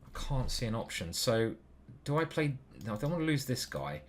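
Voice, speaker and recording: A man commentating on his own online chess game as he plays, muttering to himself, swearing and getting excited. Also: medium pitch, normal speed, a little hiss or hum. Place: small stuffy room.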